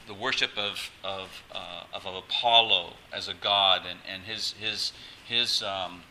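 A man's voice: sits low, pushed and bright, slight background noise, low-quality recording. A male pastor preaching a sermon, emphatic and exhorting, often restarting his phrases.

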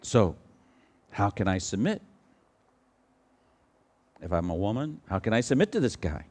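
A middle-aged pastor preaching a sermon, asking the congregation rhetorical questions and swinging from loud emphatic outbursts to quiet storytelling. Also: male voice, sing-song, moderate pace, long pauses. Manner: preaching with sudden loud high bursts, then quiet anecdotes.

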